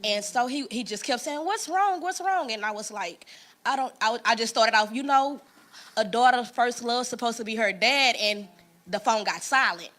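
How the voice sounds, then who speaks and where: Speaking at a moderate pace in a fairly high voice, a woman gives a personal testimony during an informal church talk. She's earnest and conversational, bringing quoted people to life with lively voices.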